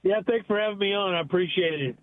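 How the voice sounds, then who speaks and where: A dejected man calls in to a sports radio show, and his voice sits quite high. He stumbles a little as he starts talking. The call comes through as a tinny, narrow phone line. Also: fast, dry recording. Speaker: caller.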